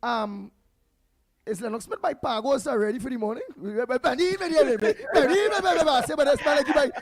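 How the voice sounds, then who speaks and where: A man's voice: very high-pitched, moderate pace, no room sound, clean studio sound. A man with a Trinidadian accent co-hosting a radio show, teasing his partner in dialect. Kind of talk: casual radio banter.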